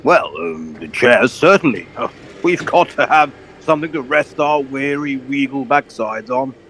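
A man's voice: medium pitch, unhurried, slight background noise. A man doing a pompous old colonel. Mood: blustering. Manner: blustering, posh, excitable.

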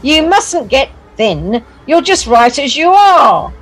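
An actor voicing a male talking big wheel in a children's audio story, slow and drawn-out, fond of puns and teasing. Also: sits high, sing-song, fairly bright tone, full character voice. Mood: giggling. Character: talking big wheel, male, bored then giggly trickster.

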